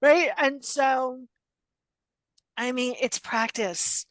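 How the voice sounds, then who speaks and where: Middle-aged woman coach talking as a podcast guest in a casual interview. She speaks in a blunt, direct way and acts out quoted dialogue with animation. Her voice sits slightly high, and the recording is dry and close. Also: drawn-out words, dry recording.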